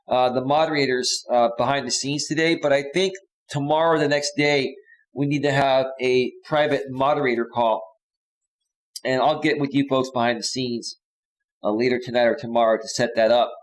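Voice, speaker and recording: A man's voice: medium pitch, fairly even intonation, a little fast, rough recording. Chatty man hosting a live stream. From San Francisco Bay Area. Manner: chatty, talks straight to viewers, drops to soft sighs. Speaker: life coach and live stream host. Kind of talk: casual live stream chat reading comments.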